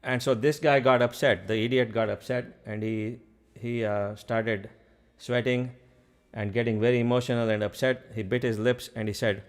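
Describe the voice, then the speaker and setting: A man's voice: medium pitch, fairly even intonation, moderate pace. Man telling a spiritual parable. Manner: casual, with frequent fillers. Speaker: spiritual speaker. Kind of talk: storytelling in a spiritual talk.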